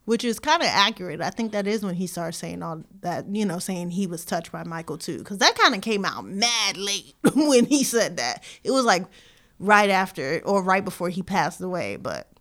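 A woman co-hosting a podcast, casually retelling a documentary in a rambling, animated way full of slang. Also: on the low side, normal speed. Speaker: podcast co-host. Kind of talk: casual chat.

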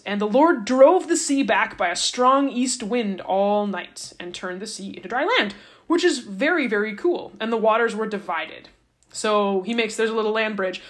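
A woman's voice: medium pitch, a bit bright. Playful woman retelling a story. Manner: playful, joking, slangy asides. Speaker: podcast host. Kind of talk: casual retelling of a Bible story.

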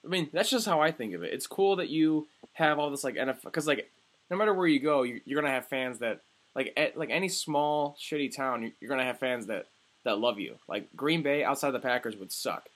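A man's voice: medium pitch, lively intonation, brisk, a bit bright. Easygoing young man, casual sports banter. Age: early 20s. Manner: loose, swearing, hesitant fillers. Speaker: podcast co-host.

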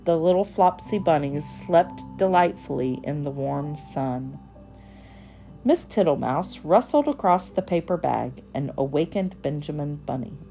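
A woman reading a children's storybook aloud in a gentle, measured voice. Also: low voice, lively intonation, gravelly, soft background music. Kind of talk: storybook read-aloud narration.

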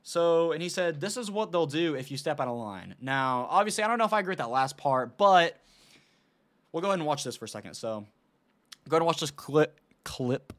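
A man's voice: a little high, animated, brisk, a bit bright. A man hosting a casual commentary show, talking loosely with lots of laughs, "dude" and fillers. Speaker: show host.

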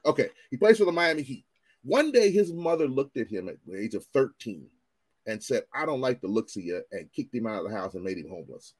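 A man ranting in casual commentary, animated and profane, often repeating himself as he restarts his sentences. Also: mid-range voice, a little fast, breathy edge, dry recording.

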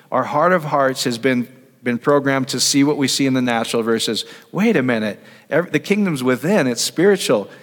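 A man giving a casual teaching sermon, talking conversationally and asking his audience questions. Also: medium pitch. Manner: conversational, asks the audience questions, trails off and restarts. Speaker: preacher. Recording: long reverb of a hall.

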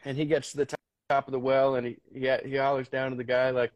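A man's voice: medium pitch, flat delivery, fast talker, no echo, highs cut off. A man as a podcast guest, talking candidly with frequent restarts, casual swearing and earnest storytelling. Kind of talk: candid conversation.

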